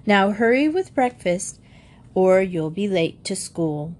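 Brief: a woman as a brisk no-nonsense mother, firm and quick, storybook. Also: medium pitch, lively intonation.

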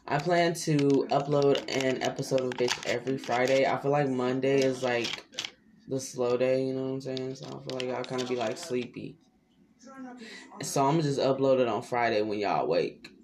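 A man's voice: moderate pace, background noise. Rambling young man hosting a podcast. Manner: rambling, loose and slangy, with sudden pitch jumps. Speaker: podcast host. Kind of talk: casual solo podcast chat.

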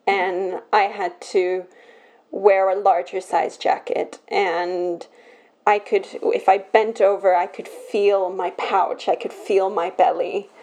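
A young woman on her own podcast, talking through something personal in an emotional, halting way, full of restarts. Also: medium pitch, a little mellow. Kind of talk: personal confessional talk.

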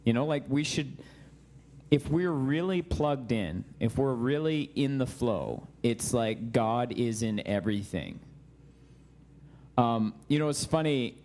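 Animated storytelling man. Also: medium pitch, takes it slowly. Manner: animated, storytelling, laughs often. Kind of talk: casual faith conversation.

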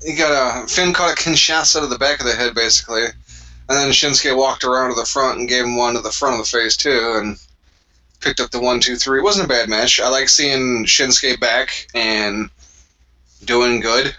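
A man's voice: medium pitch, moderate pace, bright, forceful tone, rough recording. A man co-hosting a casual wrestling podcast, joking, laughing and swearing freely. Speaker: podcast co-host. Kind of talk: casual live-reaction chat.

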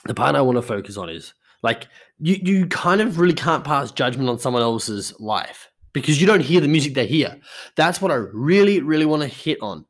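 A man's voice: medium pitch, sing-song, normal speed. Casually swearing podcast host, a man. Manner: swearing, rambling storyteller. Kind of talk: casual monologue.

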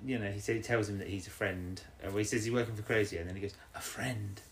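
A man's voice: on the low side, quick pace, slight background noise. Man animatedly retelling a story. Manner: animated retelling with put-on character voices. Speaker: podcast co-host. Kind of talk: casual recap chat.

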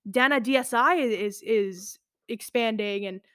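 Chatty young woman, higher voice. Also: measured pace, a bit bright, dry recording, clean studio sound. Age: 20s. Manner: rambling, filler-heavy, lots of "like". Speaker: podcast host. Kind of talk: casual personal storytelling.

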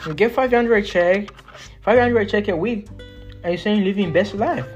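A woman rants into her podcast mic, blunt and profane, hammering the same points over and over. Her voice sits at an ordinary middle pitch, with a faint guitar playing softly underneath. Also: normal speed, highs cut off. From Congo. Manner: lecturing, repetitive. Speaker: podcast host. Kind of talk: solo podcast rant.

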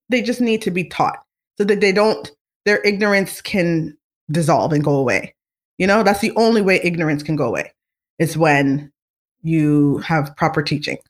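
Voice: mid-range voice, fairly bright tone. A vlogger giving casual, outspoken commentary on celebrity news, swearing freely and often mimicking other people.

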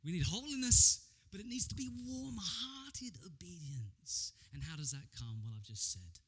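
A man preaching a sermon as pastor, telling Bible stories with animated energy and frequent stammered repeats. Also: high-pitched, moderate pace, breathy edge.

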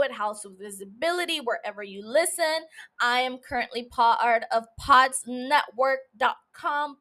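Bright-voiced swearing woman podcaster. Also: high-pitched. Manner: blunt, swears a lot, emotional, gushing. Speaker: podcast host. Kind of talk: casual solo podcast talk. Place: her room. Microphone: studio mic.

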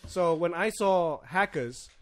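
A man's voice: fairly high pitch, expressive, takes it slowly. A man telling stories in casual chat, swearing a lot and laughing through his lines.

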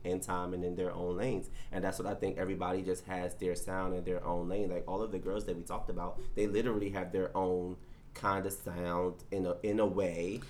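A man's voice: deep voice, flat delivery, brisk, a little mellow, a little hiss or hum. A man co-hosting a casual podcast chat, laying out his opinions point by point. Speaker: podcast co-host.

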